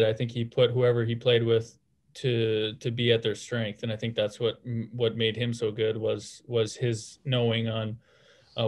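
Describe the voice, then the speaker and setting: A man in his thirties answering interview questions in a relaxed way, with many fillers and restarts. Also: mid-range voice. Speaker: guest, former hockey player.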